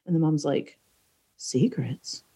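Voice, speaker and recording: A woman's voice: on the low side, expressive, moderate pace, a little mellow. A woman in casual chat, recapping a movie, laughing and quoting the characters.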